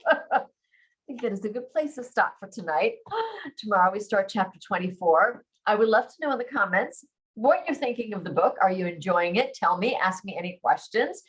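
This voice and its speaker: A woman's voice: medium pitch, slightly rough, low-quality recording. Emotional woman reading her own romance. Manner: expressive, emotional, slows on heavy lines. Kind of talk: first-person book reading with a chatty outro.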